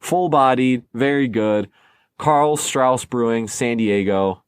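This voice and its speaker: A man's voice: medium pitch, takes it slowly, smooth, no room sound. A man co-hosting a podcast, playful and self-mocking, tripping over names as he reads. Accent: American. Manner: playful, laughs at himself, stumbles over names. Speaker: podcast co-host. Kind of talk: casual chat.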